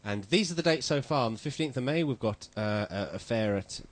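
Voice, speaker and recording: A man hosts a relaxed group podcast at a middle pitch. His voice rises and falls with lively expression. He rambles through announcements with fillers and easy laughter. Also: fairly quick. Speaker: podcast host. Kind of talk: casual group chat.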